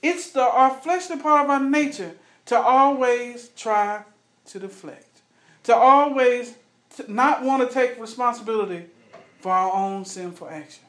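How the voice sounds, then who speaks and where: A high-pitched man leads a Bible study in an earnest, conversational tone. He often turns to the group with questions. The recording has an echoey room sound. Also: a little slow, fairly bright tone.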